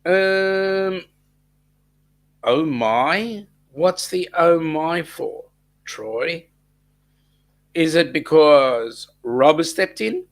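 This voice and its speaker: A man with an Australian accent chats to his livestream viewers at an unhurried pace, filling gaps with ums and trailing restarts. His voice sits a little high for a man and has a gravelly edge. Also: lively intonation. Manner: rambling, many ums and restarts. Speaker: livestream host. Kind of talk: casual live chat reading viewer comments.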